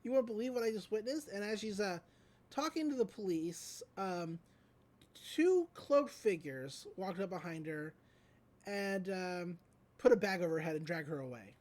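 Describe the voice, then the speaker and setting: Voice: mid-range voice, lively intonation, unhurried, a little mellow. This is a podcast host in casual recap mode, retelling a cartoon episode scene by scene. The talk is loose and rambling, filled with likes, ums and small restarts, like an easygoing chat between friends.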